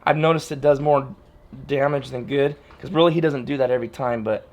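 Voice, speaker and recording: A man's voice: medium pitch, fairly even intonation, a little fast. A man training his dog and talking plainly and straight to his viewers in a casual outdoor vlog, often repeating himself. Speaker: dog trainer, channel host.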